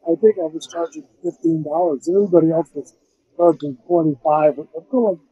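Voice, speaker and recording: Older man, film composer, chatty rambling storyteller, high dark husky voice, muffled video-call sound. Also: a little fast, dry recording. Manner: rambling, animated, many restarts and fillers. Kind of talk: casual storytelling interview.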